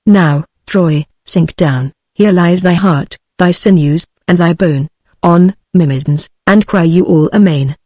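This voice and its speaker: A text-to-speech British woman voicing a ruthless, proud male Greek warrior in an even, unacted tone. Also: fairly low pitch, unhurried, no room sound, clean studio sound. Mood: triumphant. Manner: flat synthetic delivery.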